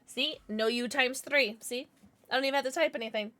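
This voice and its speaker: A young woman streaming live chats casually with her chat in a high voice at a brisk pace, thanking viewers and squealing with excitement.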